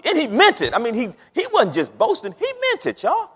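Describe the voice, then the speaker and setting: A man's voice: extremely high pitch, huge pitch swings, brisk, hardly any pauses, a bit bright, breathy edge, big-room sound. A man preaching a sermon in a conversational way, calling out to the congregation. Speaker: pastor.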